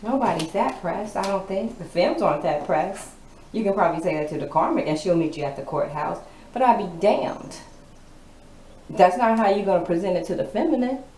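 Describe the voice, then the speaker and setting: In an echoey room with noise in the background, a woman with a low, mellow voice gives a laid-back tarot reading. She's blunt and sassy, swearing a lot.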